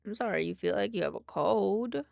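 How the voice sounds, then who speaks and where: A woman's voice: medium pitch, moderate pace, vocal fry, darkish tone, dry recording, clean studio sound. A young adult woman streaming, chatting loosely with her viewers and swearing casually as she reads chat aloud.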